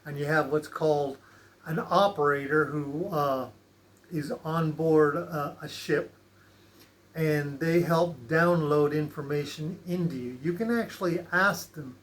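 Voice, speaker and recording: A man's voice: fairly high pitch, unhurried, a bit bright. A man hosting a spiritual channel, talking casually with many fillers and restarts. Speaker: channel host.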